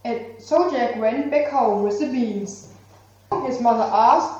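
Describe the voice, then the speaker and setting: A woman reading a children's story aloud slowly and deliberately. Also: a little high, mellow, distant mic. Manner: slow, clear, deliberate. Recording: echoey, dull lo-fi room recording.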